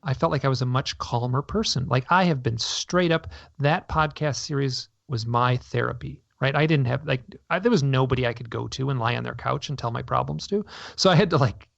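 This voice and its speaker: A man's voice: medium pitch, a little fast, gravelly, fairly bright tone, no echo. A man telling his story in an interview, rambling and restarting his sentences as he talks. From North America. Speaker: guest. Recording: dull lo-fi radio audio.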